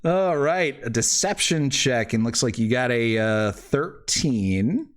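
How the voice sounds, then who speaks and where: A man's voice: mid-range voice, expressive, slow. A man narrating as game master for a tabletop game, laughing often and hesitating with fillers.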